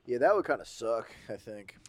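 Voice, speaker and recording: A man co-hosting a casual podcast, telling scary stories in an animated way and acting out sounds and voices. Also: mid-range voice, normal speed, no echo. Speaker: podcast co-host. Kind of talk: casual chat.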